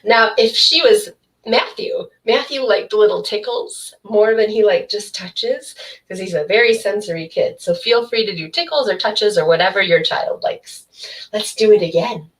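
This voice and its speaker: A young adult woman librarian leading a baby rhyme session, explaining each rhyme in a slow sing-song way. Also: mid-range voice. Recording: voice from some distance off the mic.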